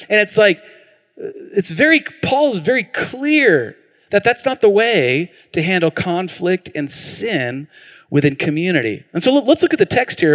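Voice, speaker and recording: A man pastor preaching a sermon, telling a story with animated, acted-out quotes. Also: high voice. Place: church hall. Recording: reverberant church hall.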